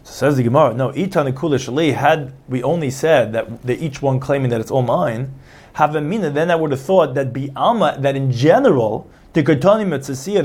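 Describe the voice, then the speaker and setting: A man's voice: fairly high pitch, a little mellow. Man teaching a Talmud lesson. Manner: explains step by step, restating points and acting out quoted claims. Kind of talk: Talmud study lecture.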